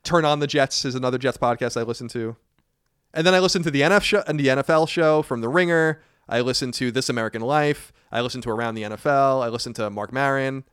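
Male podcast host, rapid and blunt, dry close-miked sound. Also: medium pitch, a bit bright, clean tone, dry recording. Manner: fast, blunt, swears casually. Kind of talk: casual podcast chat.

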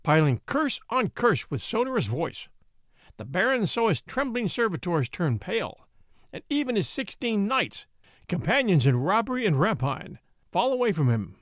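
A male narrator tells a historical story in a theatrical, expressive way. His voice sits fairly high and moves around a lot. The sound is dry and close. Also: normal speed, no echo. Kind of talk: dramatic audiobook narration.

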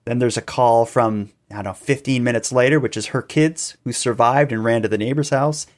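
A man, a podcast guest in an interview, telling events at length and acting out quoted voices. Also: normal speed. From Canada. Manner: animated storytelling, acting out quoted calls with rising pitch. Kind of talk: conversational interview.

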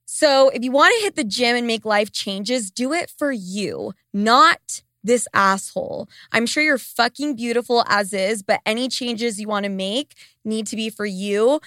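A woman's voice: on the high side, fairly bright tone, dry recording, clean studio sound. A young woman hosting a casual advice podcast, blunt and profane, answering listener letters.

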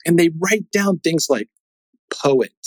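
A man's voice: on the high side, animated, slow, no echo, low-quality recording. A man in his sixties giving a direct, emphatic talk and firing off questions. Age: 60s. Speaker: speaker on conflict resolution. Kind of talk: animated talk to an audience.

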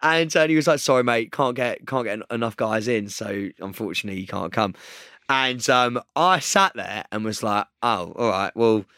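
A young podcast co-host tells an excitable story full of laughs in casual chat. His pitch is medium and his speed normal, and the studio sound is clean with no room sound.

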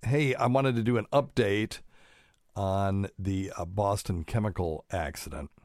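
Man, very low voice, dry close sound, rambling casual talk, lots of ums. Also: unhurried, a little mellow, no echo. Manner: rambling, digressive, many fillers. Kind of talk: casual talk, reading news aloud.

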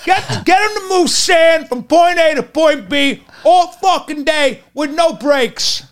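A podcast host putting on a brash, threatening tough-guy New Yorker with a Brooklyn accent, shouting and profane. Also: very high voice, expressive, unhurried, pitched above the performer's own voice, heavily acted. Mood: shouting bluster. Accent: put-on Brooklyn New York.

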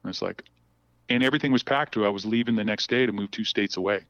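A man's voice: fairly low pitch, quick pace, a bit bright, no room sound. A middle-aged man telling long personal stories as a podcast guest, rambling with many restarts. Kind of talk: casual storytelling. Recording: dull, dry, lo-fi sound.

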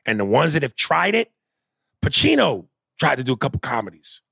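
A man in casual conversation, animated and profane, jumping into loud excited bursts. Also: medium pitch, brisk, gravelly, husky, no echo. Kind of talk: casual chat.

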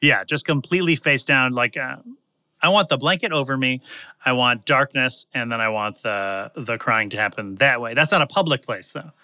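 A man's voice: mid-range voice, normal speed, sharp tone, dry recording. A man guesting on a comedy podcast, rambling and self-deprecating, tripping over his words. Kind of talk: casual comedic chat.

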